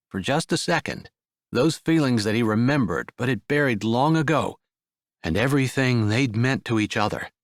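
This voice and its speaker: An audiobook narrator, a man with a mid-range voice, reads a sweet romance from a script in a gentle, expressive way. The recording is dry, with clean studio sound.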